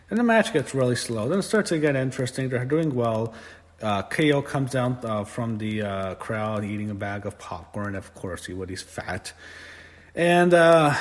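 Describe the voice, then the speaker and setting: A man giving a blunt, casual spoken review of a wrestling show, swearing freely and getting loudly exasperated. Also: on the low side. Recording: echoey room with long reverb.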